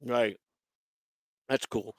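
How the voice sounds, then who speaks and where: A man's voice: mid-range voice, steady tone, drawn-out words, no room sound. A man hosting a casual chat, rambling and swearing, with lots of restarts. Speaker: show host.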